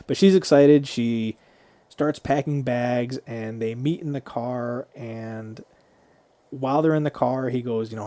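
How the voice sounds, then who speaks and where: A man's voice: medium pitch, a little slow, warm tone, no room sound. A man co-hosting a podcast, casually retelling a movie scene by scene and swearing freely. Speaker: podcast co-host.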